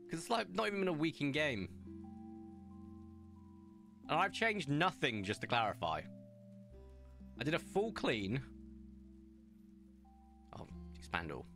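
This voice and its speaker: A man's voice: fairly high pitch, very animated, unhurried, gravelly, long pauses, fairly bright tone. A young man chatting casually while streaming a video game, rambling into stories and asides. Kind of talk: casual gameplay commentary. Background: faint game music.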